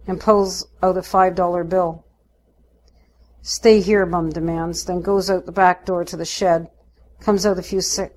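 A woman narrating a first-person story in a steady, unhurried way. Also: on the low side.

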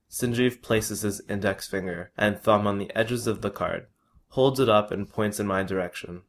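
A man reading his own first-person story aloud in a measured, plain way. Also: on the low side.

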